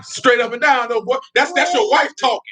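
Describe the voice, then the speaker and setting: A man's voice: extremely high pitch, fairly quick, a crowd in the background. A male preacher giving a fiery sermon in blunt, confrontational street talk, prodding listeners with repeated questions and laughing between points. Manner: blunt, confrontational, repeats "you know what I'm talking about".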